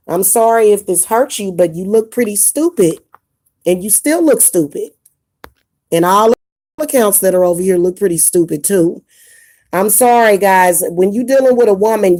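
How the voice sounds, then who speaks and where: Talking straight to camera, this woman, a spiritual advice vlogger, vents in a casual, blunt, indignant rant, circling back to repeat her points. Her medium-pitched voice has a warm tone.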